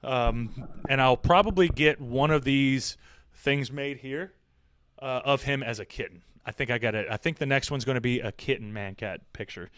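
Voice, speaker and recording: A man's voice: medium pitch, moderate pace, fairly bright tone, smooth, no echo, clean studio sound. A man hosting a livestream, chatting casually in a rambling way, repeating himself and swearing. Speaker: livestream host.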